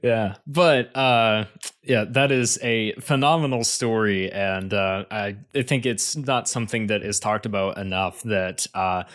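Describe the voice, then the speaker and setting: Man with a low voice, halting podcast chat. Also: a bit bright. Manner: hesitant, many filler uhs and restarts. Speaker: podcast co-host.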